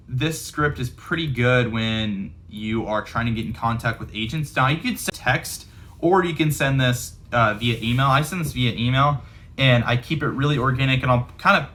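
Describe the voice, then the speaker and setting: Bright-voiced, chatty investor guy. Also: medium pitch. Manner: loose and chatty, lots of fillers, says "man" and "bud". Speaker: real estate investor and coach. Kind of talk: casual instructional talk to camera.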